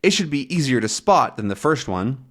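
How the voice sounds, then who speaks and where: A man explaining the vocabulary of a comic to English learners, at an even middle pitch. He talks patiently and often checks in with "right?". His voice rises and falls a great deal. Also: moderate pace. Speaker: English teacher.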